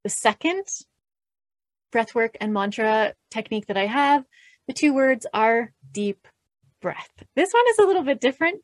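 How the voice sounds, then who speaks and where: A woman calmly explaining breathing mantras in an interview, gentle and measured, with light laughs. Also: on the high side, no room sound. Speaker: podcast host and guest expert. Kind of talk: calm instructional explanation.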